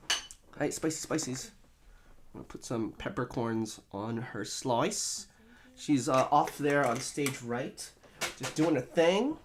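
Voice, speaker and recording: A man's voice: medium pitch, slow, a little hiss or hum. A man hosting a casual live stream from a home studio, chatting with viewers in a playful, rambling way full of jokes and wordplay.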